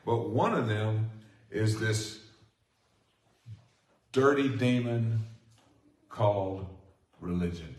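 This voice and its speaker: A man preaching a sermon as pastor, speaking with rising passion and excited emphasis. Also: lowish voice, slow, long pauses. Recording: echoey room from far off.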